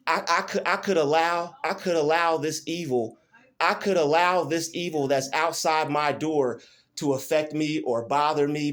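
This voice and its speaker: Defiant preachy man, fairly high voice. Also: fairly bright tone. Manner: defiant and preachy, repeating phrases. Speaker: vlogger. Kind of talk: emotional self-filmed rant. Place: small rented room indoors.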